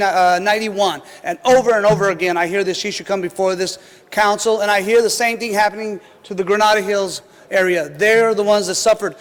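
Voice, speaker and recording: A man's voice: sits high, fairly bright tone. A man giving an earnest, emphatic public comment at a city council hearing. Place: large city council chamber. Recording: reverberant council chamber.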